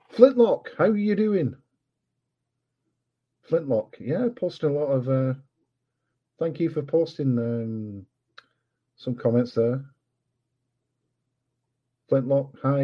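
A man with an English accent chatting casually on a late-night livestream, rambling and apologetic with many fillers. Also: lowish voice. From England. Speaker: guest. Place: home at night. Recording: dull lo-fi home recording.

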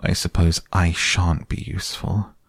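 A man voicing a humble, simple-minded male toy bear in a soft, slow storybook reading. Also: low-pitched, level tone, slightly rough, no echo, clean studio sound, full character voice. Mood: wistful.

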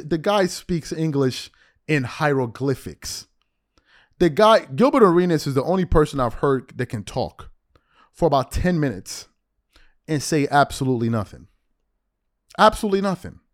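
A man's voice: mid-range voice, no echo, clean studio sound. A man giving a blunt, mocking sports commentary monologue as a podcast host, ranting about players and joking along the way. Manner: blunt, mocking, animated, teasing then insisting it's jokes.

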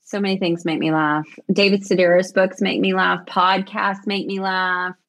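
A woman's voice: on the low side, level tone, normal speed, fairly bright tone. A woman, chatting in an interview as the guest, laughing often and telling stories with animation. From American South. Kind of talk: casual interview chat.

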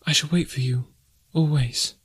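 A man's voice: fairly high pitch, fairly even intonation, moderate pace, husky, voice pushed up. A man doing a tender young woman.

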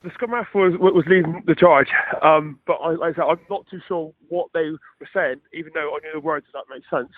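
Quick modest man on a tinny phone line. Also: fairly high pitch, dry recording. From Cornwall. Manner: quick, modest, with many restarts. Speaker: guest rugby player. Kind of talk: phone interview.

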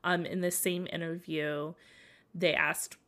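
A young woman talks into her podcast mic while sick, her voice sitting a little low for a woman. She gushes with feeling and leans constantly on "like" and "um". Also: level tone, slow pace, fairly bright tone. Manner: gushing and emotional, heavy use of "like" and "um". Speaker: podcast host. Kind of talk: casual solo podcast chat.

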